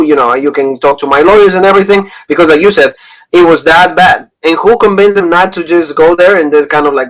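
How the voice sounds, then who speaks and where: Male co-host, 30s, fairly high voice, loose rambling recap style. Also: a bit bright, low-quality recording. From Pennsylvania. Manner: rambling, retelling stories with quoted lines. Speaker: podcast co-host. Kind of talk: casual review chat.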